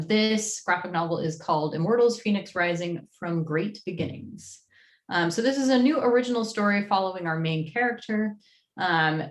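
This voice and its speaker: A woman in a livestream chat, talking about new releases in a loose, chatty way with plenty of ums and uhs. Her voice sits a little low for a woman. The room around her rings with echo. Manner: chatty, many fillers. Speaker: comics publisher staff host. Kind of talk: casual livestream rundown.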